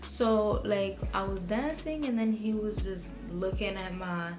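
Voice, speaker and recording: A woman's voice: mid-range voice, measured pace. A young woman telling a storytime vlog in a heated, profane, rambling way, full of "like" and restarts. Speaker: vlogger. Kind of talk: casual storytime monologue. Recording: music playing behind her voice.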